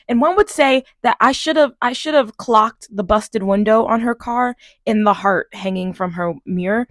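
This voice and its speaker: A young woman from Long Island telling a story to camera in an animated, exasperated way. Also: fairly high pitch, a little slow, few pauses, no room sound. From Long Island, New York. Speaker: vlogger. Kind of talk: story time vlog.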